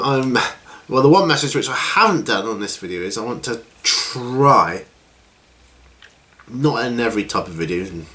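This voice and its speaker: Relaxed man, low and rambling. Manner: rambling, relaxed, with many fillers and restarts. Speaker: hobby channel host. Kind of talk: casual chat.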